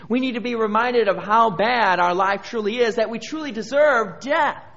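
Male pastor, sermon delivery, reads scripture with mounting emphasis; high voice, lo-fi sound. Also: normal speed, fairly bright tone. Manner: preaching with rising emphasis and scripture reading.

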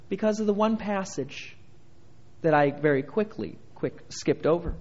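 High-voiced pastor preaching, lo-fi. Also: male voice, animated, a little slow, darkish tone. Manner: preaching with rising emphasis and scripture reading. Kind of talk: sermon.

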